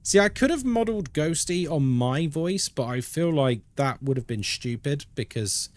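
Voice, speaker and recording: A British man streaming a game, chatting casually, reading chat out loud and laughing often. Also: fairly high pitch, expressive, normal speed. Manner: chatty, laughs a lot, reads chat aloud.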